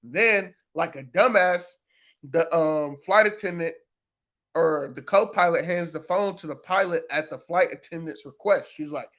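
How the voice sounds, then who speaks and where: Casual man recapping a show, slightly high voice. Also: unhurried, a bit bright. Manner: loose and profane, lots of fillers. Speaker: reaction video host.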